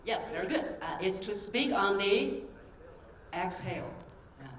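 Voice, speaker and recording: A woman voice coach giving a live stage talk, coaching the audience through breathing exercises in a clear, encouraging tone. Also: mid-range voice, expressive, unhurried, a bit bright, slight background noise. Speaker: voice coach and keynote speaker. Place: convention hall stage. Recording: roomy hall sound from a distance.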